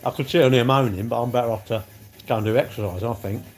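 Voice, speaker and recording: A man's voice: medium pitch, quick pace, darkish tone. A man, chatting casually on a live stream and bantering with his viewers' comments. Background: faint music.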